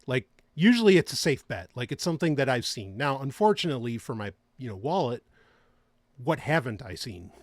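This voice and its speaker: Rambling, animated male podcast host. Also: mid-range voice, a little fast, no echo, clean studio sound. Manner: rambling, laughs often, many restarts. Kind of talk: casual podcast chat.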